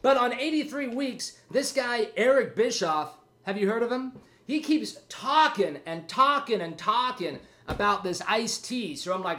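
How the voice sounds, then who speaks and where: High-voiced man rambling on his podcast. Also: big pitch swings, normal speed, few pauses, fairly bright tone. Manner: rambling, jokey, self-mocking. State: out of breath. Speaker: podcast host. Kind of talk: casual solo podcast chat.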